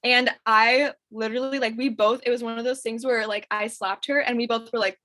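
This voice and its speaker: A woman in her twenties, a podcast guest, telling a childhood story in a casual, animated way and laughing often. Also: fairly high pitch, fairly quick, rough recording.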